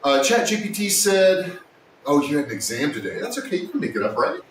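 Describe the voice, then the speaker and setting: A man hosting a casual woodworking livestream, chatting and joking with his viewers, sometimes yelling, recorded in a workshop. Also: very animated, fairly quick. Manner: joking, teasing, with sudden yells. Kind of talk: casual live-stream chat with viewers. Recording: echoey room, distant mic, faint rumble.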